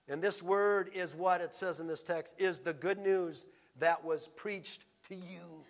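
A pastor preaching a sermon, emphatic, swinging between loud proclaiming and a hushed near-whisper. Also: male voice, fairly high pitch, a little slow.

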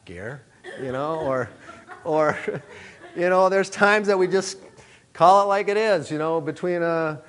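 Earnest higher-voiced male preacher. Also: measured pace, long pauses, clean tone. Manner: earnest, emphatic, many "uh" fillers. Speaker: pastor. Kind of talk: sermon.

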